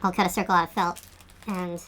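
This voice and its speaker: A woman's voice: lowish voice, flat delivery, brisk, fairly bright tone, a little hiss or hum. A woman art teacher giving a craft tutorial, chatting and thinking aloud as she works.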